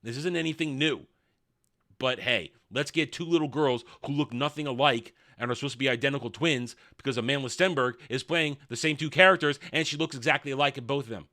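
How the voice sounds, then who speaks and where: A man's voice: mid-range voice, fairly quick, sharp tone. A man reviewing a TV episode in an opinionated monologue, blunt, sarcastic and dismissive. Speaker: TV show reviewer.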